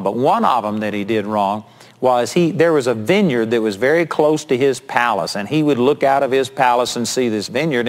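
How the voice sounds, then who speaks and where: A male preacher retelling a Bible story in a sermon, acting out the quotes as he tells it. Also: medium pitch.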